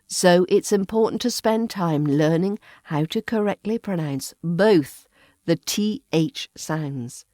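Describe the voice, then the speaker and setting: A woman's voice: fairly low pitch, darkish tone, dry recording, clean studio sound. A woman with an RP British accent, a podcast host giving a scripted accent lesson with careful, precise enunciation. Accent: RP British English.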